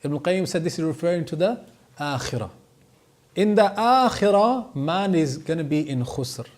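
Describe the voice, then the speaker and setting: A man's voice: a little high, moderate pace, darkish tone. Emphatic man teaching a class. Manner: emphatic, stretches key words to stress them. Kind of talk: classroom lesson.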